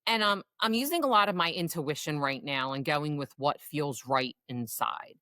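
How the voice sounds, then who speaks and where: A woman's voice: sits low, moderate pace, bright, forceful tone, no echo. A woman in her forties co-hosting a casual podcast as a coach, giving earnest, encouraging advice. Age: 40s.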